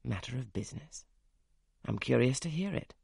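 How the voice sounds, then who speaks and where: A man reading as a gruff, teasing gentleman. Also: mid-range voice, animated, moderate pace, no room sound, studio quality, heavily acted. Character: brusque, teasing wealthy older gentleman. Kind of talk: audiobook character reading.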